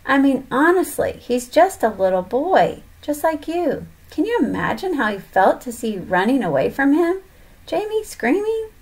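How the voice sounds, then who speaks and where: A woman's voice: sits high, very animated, normal speed, few pauses, slightly rough, pitched above the performer's own voice, exaggerated voice. A woman voicing a stern mother who scolds her sons in a storybook reading. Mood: scolding.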